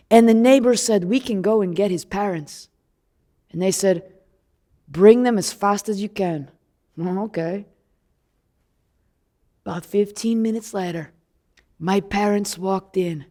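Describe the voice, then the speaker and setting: A woman performing a first-person Bible monologue as a man born blind, telling his story in an animated, conversational way with asides to the listener. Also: medium pitch, measured pace, long pauses. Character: man born blind, newly sighted, earnest and indignant.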